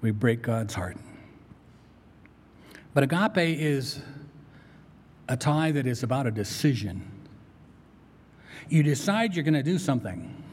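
Animated male pastor in an echoing church. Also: medium pitch, slow, long pauses, breathy edge. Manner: animated storytelling with playful asides to the congregation. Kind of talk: sermon. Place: church sanctuary. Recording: long reverb from a church hall.

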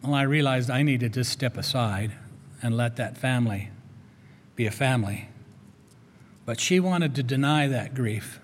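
A man's voice: medium pitch, a little slow, long pauses, slight background noise. An older man, a chaplain, preaching a sermon in an earnest, conversational storytelling way. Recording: long reverb of a large hall.

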